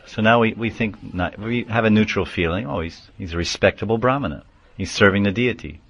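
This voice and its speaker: A man's voice: fairly low pitch, normal speed, fairly bright tone, no echo. A man teaching a scripture class, explaining terms, chanting verses and calling out names. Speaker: spiritual teacher.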